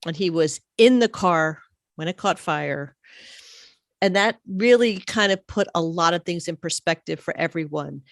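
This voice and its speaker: A woman's voice: lowish voice, moderate pace, vocal fry, no room sound, clean studio sound. A woman co-hosting a podcast, speaking plainly and making her point with rhetorical questions. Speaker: podcast co-host. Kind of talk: casual chat.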